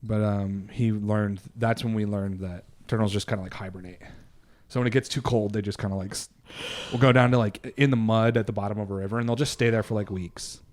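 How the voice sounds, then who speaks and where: A man's voice: lowish voice, steady tone, brisk, a little mellow. Laughing, rambling man telling stories. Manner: rambling, laughing, profane, acts out quotes. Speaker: podcast co-host. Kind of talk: casual storytelling chat.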